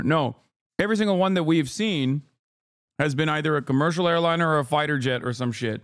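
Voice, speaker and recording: Man, streamer, fiery sarcastic rant, cursing, smooth clear voice, a bit high. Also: lively intonation, a little fast. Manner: heated, sarcastic, argues with the chat. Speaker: streamer reacting to a video. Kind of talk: profane live-stream commentary.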